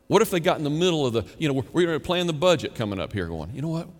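A man's voice: a little high, very fast. A man preaching a sermon as pastor, acting out quoted prayers and conversations. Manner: animated, acts out quoted prayers and chatter. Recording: long reverb of a church hall.

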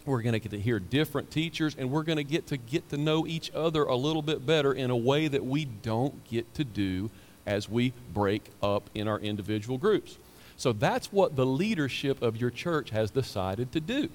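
A man preaching to his congregation in a conversational, emphatic way, often repeating words for weight. His voice carries a long hall reverb from the church sanctuary. His pitch is average for a man. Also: lively intonation, moderate pace, darkish tone. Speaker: pastor. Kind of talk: sermon.

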